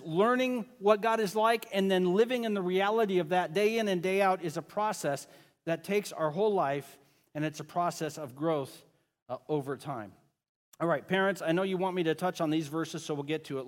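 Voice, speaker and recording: A man's voice: on the high side, long reverb tail. A pastor preaching a sermon to his congregation in a casual, conversational way, often joking with the kids and parents.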